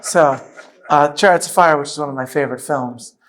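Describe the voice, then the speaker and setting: A man's voice: on the high side, brisk, fairly bright tone. A middle-aged rabbi, a man who is a witty storyteller, talking as the guest of a live onstage conversation. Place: event hall with audience.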